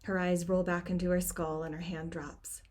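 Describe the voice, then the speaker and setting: Low, flat-voiced woman reading her novel. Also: normal speed, a little hiss or hum. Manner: quiet, drops into hushed near-whispers in tense passages. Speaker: author. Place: home cabin.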